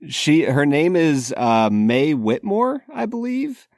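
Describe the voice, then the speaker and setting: A man's voice: on the high side, sing-song, slow, a little mellow, no room sound, studio quality. A man in his thirties co-hosting a podcast, talking about a film in a laid-back, joking way. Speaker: podcast co-host. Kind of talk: casual movie discussion.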